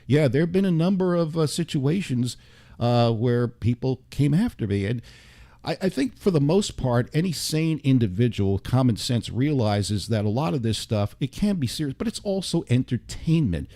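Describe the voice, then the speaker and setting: An older man with a warm, low-lit tone sits in a radio studio as a guest. He tells his stories in an animated way, full of quick asides and restarts. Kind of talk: storytelling interview chat.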